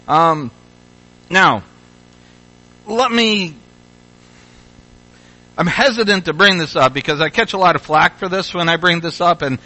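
A man's voice: fairly high pitch, a little slow, long pauses, sharp tone, rough recording. A man from Louisville, Kentucky, preaching a sermon in a conversational way, with frequent restarts and bursts of rising exhortation. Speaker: pastor.

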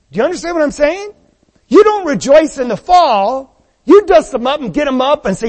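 High-voiced man preaching in a reverberant hall. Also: moderate pace. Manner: animated preaching, rhetorical questions to the congregation. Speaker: pastor. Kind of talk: sermon.

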